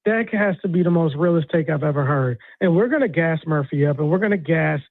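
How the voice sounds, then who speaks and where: A man's voice: fairly high pitch, lively intonation, brisk, no room sound. A man calling in to a sports radio show, ranting in a fired-up, exasperated way. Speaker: caller. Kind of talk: heated sports radio call. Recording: tinny phone line.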